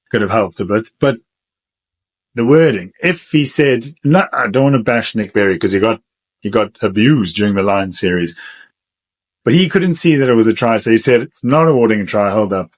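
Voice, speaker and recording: A man co-hosting a podcast, talking in an easygoing, relaxed casual chat. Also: on the low side, moderate pace. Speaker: podcast co-host.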